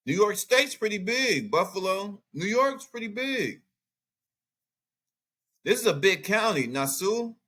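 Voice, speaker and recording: This male host has a high-sitting voice and a measured pace with frequent pauses. Outspoken and animated, he reacts casually on his commentary channel, musing aloud while he pulls up maps and reads from texts.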